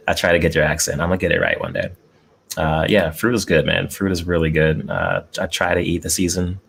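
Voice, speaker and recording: Hosting a laid-back eating live stream at home, a man greets chat viewers and laughs often. His deep voice has vocal fry and a bit of brightness, with lively intonation and a fairly quick pace. Recorded on a close desk mic in an air-conditioned room, with a little hiss or hum.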